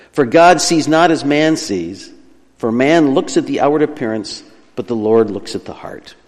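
A man's voice: mid-range voice, a little mellow, in a large hall. A male pastor preaching an earnest, emphatic sermon, now and then correcting himself as he teaches.

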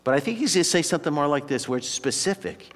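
A male pastor giving a sermon, telling a story and then praying quietly and earnestly. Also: on the high side, animated, fast talker. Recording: long hall reverb.

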